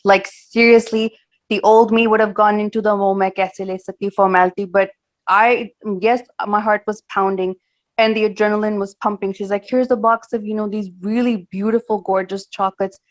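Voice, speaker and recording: A woman, chatty and animated, telling stories casually on a call and mixing in Hindi phrases. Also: mid-range voice, normal speed, rough recording. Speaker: caller sharing experiences.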